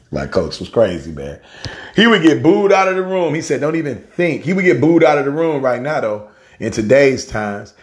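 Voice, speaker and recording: A man's voice: mid-range voice, a little slow, pauses often. A middle-aged man giving a heartfelt spoken tribute in a casual, slangy way, calling the listener family and man. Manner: animated storyteller, softens when grieving. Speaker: guest speaker.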